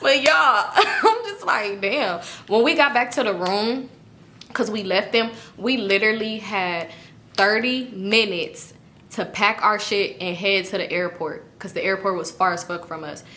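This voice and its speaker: Bright-voiced young woman telling a storytime. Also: medium pitch, measured pace. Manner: animated, profane, laughing asides to viewers. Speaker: storytime vlogger. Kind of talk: casual storytime monologue.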